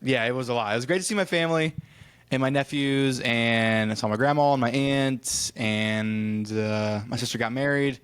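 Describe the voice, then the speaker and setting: A man's voice: mid-range voice, normal speed, a bit bright, clean tone. A man from Ohio co-hosting a podcast, telling a rambling travel story in casual chat and acting out the people in it, with a bit of casual swearing. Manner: rambling storyteller who acts out quoted exchanges, swears casually. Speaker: podcast co-host.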